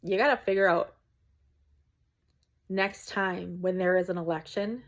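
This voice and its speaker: Woman, somewhat low voice, earnest preachy rant, vlogging from home, lots of ums. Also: fairly even intonation, unhurried. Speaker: small content creator. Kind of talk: casual rant to camera.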